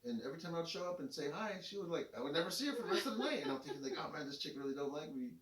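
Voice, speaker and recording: A middle-aged man telling a rambling personal story in a relaxed, casual way. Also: fairly high pitch, rapid-fire, recorded from a distance. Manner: laid-back, rambling with many fillers. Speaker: co-host telling his story. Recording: echoey room, voice a bit off-mic.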